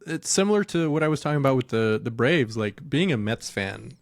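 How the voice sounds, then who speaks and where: Easygoing man with a gravelly voice. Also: medium pitch, expressive, a little fast, no room sound. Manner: easygoing, agreeable, chuckles often. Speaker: podcast co-host. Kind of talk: casual sports chat.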